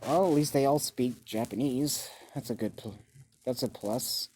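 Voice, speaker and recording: A man spinning an improvised fan-fiction tale at a slow, unhurried pace. He rambles, swears, and leans on filler words. He often laughs at his own jokes. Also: medium pitch, darkish tone, slight background noise. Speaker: storyteller.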